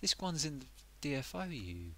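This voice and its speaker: A man's voice: medium pitch, big pitch swings, moderate pace, sharp tone. A man streaming a video game live, rambling and self-mocking in casual commentary. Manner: rambling, self-mocking, bursts into silly voices. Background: game music.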